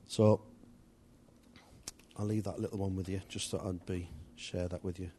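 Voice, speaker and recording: A man leads a church group in a loose, conversational teaching style. His voice is mellow and warm, and he rambles with asides and restarts as he gives instructions. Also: sits low, little pitch movement, moderate pace, a little hiss or hum. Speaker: church leader.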